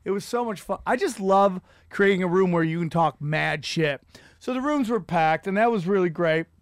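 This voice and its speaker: A middle-aged man hosting a comedy podcast, ranting in a profane, rambling way with loud outbursts. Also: high-pitched, normal speed, no echo, clean studio sound. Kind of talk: casual comedic rant.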